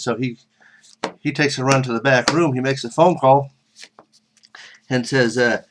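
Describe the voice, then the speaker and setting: Brief: a man of average pitch, casual storyteller, rambling, corrects himself, faint hiss behind. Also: fairly even intonation, a little slow, long pauses. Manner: rambling, self-correcting, chatty asides.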